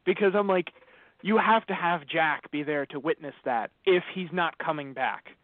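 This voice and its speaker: Animated man on a tinny line. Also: on the high side, moderate pace, dry recording. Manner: animated storyteller, yells in bursts. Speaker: podcast co-host. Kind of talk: casual review chat. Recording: tinny, phone-like, dry.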